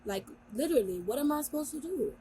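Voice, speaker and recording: A woman's voice: high-pitched, lively intonation, fast talker, warm tone, slight background noise, poor audio. A woman co-hosting a podcast, speaking in a frustrated, blunt and slangy way. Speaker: podcast co-host. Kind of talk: casual podcast chat. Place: home, remote virtual recording.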